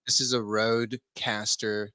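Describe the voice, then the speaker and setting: A man's voice: fairly low pitch, level tone, measured pace, pushed and bright, clear, resonant tone, no echo. A man guest on a casual podcast, laid-back and loose, filling his talk with "like". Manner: laid-back, lots of "like" fillers. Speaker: guest, filmmaker.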